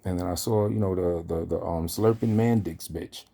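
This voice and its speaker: An online commentator launches into a heated callout rant, cursing freely and speaking directly to the person he's confronting. His voice is low, creaky and mellow, and he talks at a normal speed.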